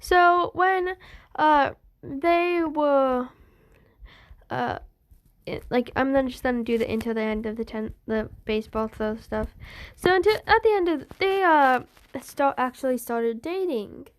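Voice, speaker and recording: A woman's voice: high voice, unhurried. A young woman casually telling a fan story, rambling with many fillers and restarts.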